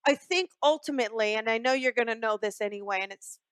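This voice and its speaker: A woman's voice: on the high side, fast, clean tone, dry recording. A woman hosting a radio call-in show as a psychic medium. She talks in a chatty, soothing way, with many fillers, and calls her callers "honey.".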